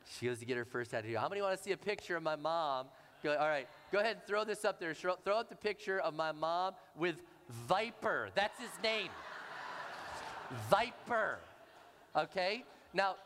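A pastor preaching to a congregation, animated and anecdotal, repeating words for emphasis. His voice sits a touch higher than most men's, and a long reverb hangs behind it from the large hall. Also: moderate pace. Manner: animated, repetitive anecdotal delivery. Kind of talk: sermon storytelling.

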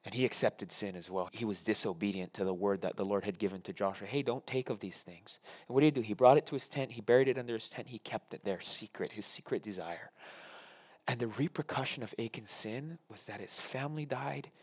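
A middle-aged man preaching a sermon as pastor, swinging between hushed asides and raised, slowed emphasis, and acting out quoted prayers in a low voice. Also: breathy edge, no echo.

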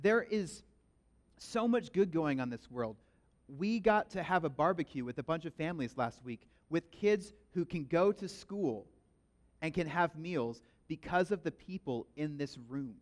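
A pastor giving a sermon, telling stories in an animated, emphatic way. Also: male voice, on the high side, measured pace. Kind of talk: sermon with storytelling.

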